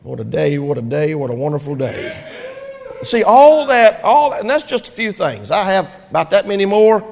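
Man, pastor preaching, high pitched, fervent, long church reverb. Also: very animated, normal speed, creaky. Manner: fervent preaching, swings from loud to soft. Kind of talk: sermon. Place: church sanctuary.

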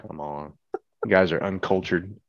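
A man with a fairly low voice rambles playfully through podcast banter. The recording is dry and a little dull. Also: fairly even intonation, normal speed, no echo. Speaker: podcast co-host. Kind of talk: casual chat.

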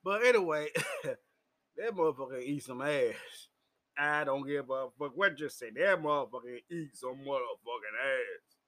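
A tipsy man telling a crude personal story in casual, profane vlog style, laughing often and shouting when he gets heated. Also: animated, measured pace. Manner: loud, crude and laughing, swings into high shouting. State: drunk. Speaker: vlogger.

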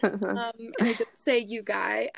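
Twenties Midwest woman, squeaky and expressive, slightly high with some fry, dry close mic. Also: unhurried, dry recording. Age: 20s. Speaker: podcast co-host. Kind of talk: casual chat.

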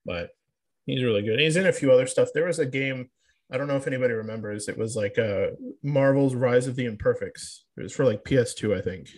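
Young male co-host, husky voice, easygoing, stumbles and restarts a lot. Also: medium pitch, a little fast, a little mellow. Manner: hesitant, many restarts. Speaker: podcast co-host. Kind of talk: casual chat.

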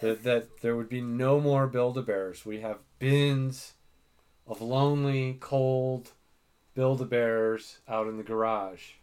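A middle-aged man talks casually, and his voice sits at an ordinary middle pitch. He rambles in a chatty way, pokes fun at himself and drops plenty of fillers. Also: fairly even intonation, slow pace, a little mellow, smooth. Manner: chatty, self-mocking, many fillers. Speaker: podcast host. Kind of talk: casual chat.

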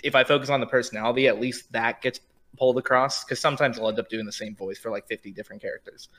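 Male game master, animated, bright tone, laughs a lot. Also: medium pitch, fast talker. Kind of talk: casual chat.

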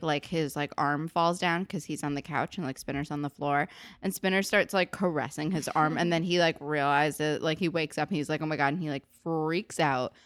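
A woman co-hosting a podcast, chatting loosely through an episode recap with lots of "like"s and "um"s and slowing down for emphasis. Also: deep voice, a bit bright, clear, resonant tone, no echo, studio quality. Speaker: podcast co-host. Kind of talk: casual recap chat.

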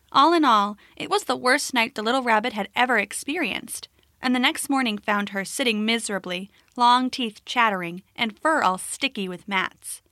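A woman narrating a children's story in a gentle, expressive way. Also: fairly high pitch, dry recording, studio quality.

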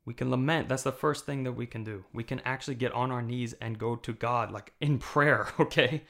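Gravelly male pastor preaching conversationally. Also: medium pitch, fairly even intonation, a little fast, a bit bright. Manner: conversational preaching, rising to impassioned emphasis; frequent checking "okay?" with listeners. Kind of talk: recorded video sermon. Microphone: camera mic.

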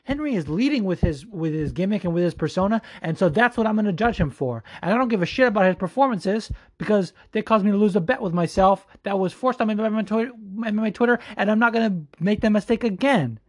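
A man giving a heated, profane opinion rant as a fight commentator, talking quickly and calling the listener "dude" over and over. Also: high voice. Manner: profane, fired-up, says "dude" a lot; quick, animated delivery. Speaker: MMA commentator.

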